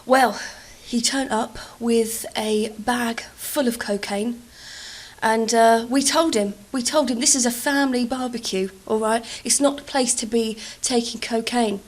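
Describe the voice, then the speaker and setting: A woman voicing her uncle, a scheming man who tells a tall tale in a mock-solemn, deadpan way. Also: extremely high pitch, unhurried, heavily acted. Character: scheming middle-aged uncle playing it sad.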